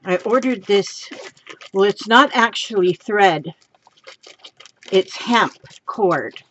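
A woman's voice: medium pitch, slow pace, dull audio, a little hiss or hum. A woman making a casual craft vlog at home, gushing and exclaiming over her supplies. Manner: gushing, excitable, exclaims often. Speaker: craft vlogger.

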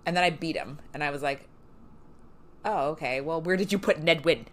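A woman's voice: low voice, a little fast. A woman chatting casually and swearing freely while streaming a game, often poking fun at herself. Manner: chatty, profane and self-mocking. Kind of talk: casual live gameplay chat.

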